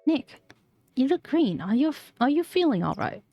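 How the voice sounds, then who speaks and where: A woman's voice: high-pitched, sing-song, normal speed, mellow, faint music behind, pitched above the performer's own voice. A woman voicing a cheerful, teasing young female sidekick from a game. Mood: concerned.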